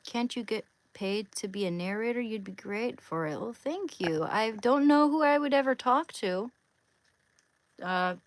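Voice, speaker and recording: A woman's voice: fairly high pitch, unhurried. A woman hosting a casual livestream, rambling and stumbling over her words as she reads chat and talks about her day. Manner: coos baby talk at her dog, reads chat aloud. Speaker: livestream host.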